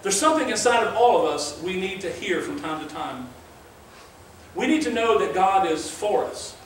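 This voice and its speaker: A pastor speaking high and animated, at a moderate pace, gives an earnest, conversational sermon that draws in scripture passages. The very reverberant room is recorded from a distant mic, with a bit of hiss or hum.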